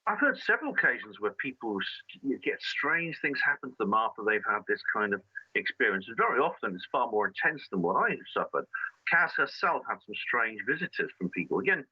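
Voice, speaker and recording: A male guest tells his story earnestly, often stumbling and restarting a sentence. His voice sits at a middle pitch. The audio is dull and lo-fi, and it is dry and close, with no room echo. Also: very animated, slightly rough. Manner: earnest, halting with frequent restarts. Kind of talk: conversational storytelling.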